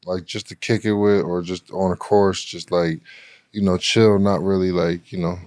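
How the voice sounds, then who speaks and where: Laid-back low-voiced podcast guy. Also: little pitch movement, moderate pace, a little mellow, smooth, no echo, studio quality. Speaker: podcast co-host. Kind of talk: casual chat.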